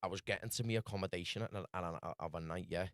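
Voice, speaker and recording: A man with a Scouse accent telling his story rapidly in casual podcast chat, peppered with lad and bro. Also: sits low, fairly bright tone, no echo, clean studio sound. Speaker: podcast guest.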